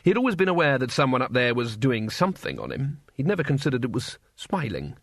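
A man narrating a comic fantasy audiobook in a wry, expressive manner. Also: medium pitch, brisk, vocal fry, few pauses, dry recording, studio quality. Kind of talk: scripted narration.

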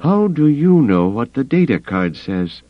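A man's voice: mid-range voice, very animated, a little slow, highs cut off, voice pushed up. A man doing a cold suspicious male leader. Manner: clipped and cold.

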